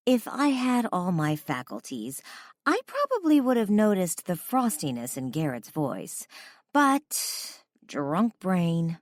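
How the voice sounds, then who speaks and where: A woman reads a first-person romance audiobook in a low voice that still moves a lot in pitch. Her delivery is conversational and expressive, and the recording is dry and close. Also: takes it slowly, dry recording. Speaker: audiobook narrator.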